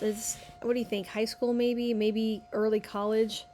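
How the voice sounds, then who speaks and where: A woman's voice: on the high side, little pitch movement, measured pace, dark tone, a little hiss or hum. A woman hosting a podcast, chatting casually and wryly while reacting to clips. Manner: chatty, wry, addresses listener as honey. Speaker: podcast host.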